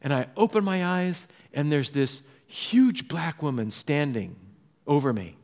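A man from Southern California preaching a sermon, telling personal stories and often dropping to a soft hush to drive a point home. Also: on the high side, lively intonation, a little slow. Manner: storytelling, drops to a soft hush for emphasis. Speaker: pastor. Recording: echoey hall reverb.

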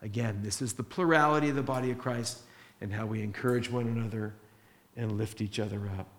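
A man preaching a sermon, acting out the prayers of believers and of a king in quick little voices as he teaches. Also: on the low side, fairly even intonation. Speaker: pastor. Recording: roomy echo.

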